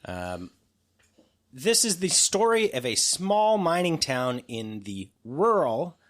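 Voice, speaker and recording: A man's voice: on the high side, very animated, slow, fairly bright tone. A man hosting a podcast in casual chat, loose and joking, with lots of fillers. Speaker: podcast host.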